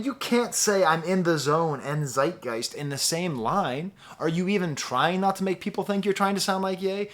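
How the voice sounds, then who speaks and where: A man's voice: on the high side, a bit bright. A man giving a casual spoken album review, chatty and wry, now and then quoting lyrics in a sing-song voice. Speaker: music reviewer.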